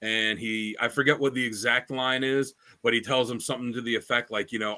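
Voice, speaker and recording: A man's voice: medium pitch, steady tone, fairly quick, pushed and bright. A man co-hosting a podcast, telling stories in a rambling casual chat with many fillers and restarts. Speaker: podcast co-host.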